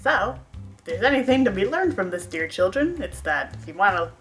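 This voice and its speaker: A woman's voice: medium pitch, very animated, brisk, soft background music. Sarcastic young woman telling a story. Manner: sarcastic, self-mocking. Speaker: vlogger. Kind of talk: storytime monologue.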